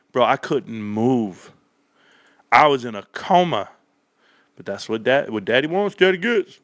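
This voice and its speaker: Talking into a desk microphone on a casual stock-market livestream, a man rambles with crude, boastful jokes. His voice is high-pitched, bright, and forceful, and the recording is dry with clean studio sound.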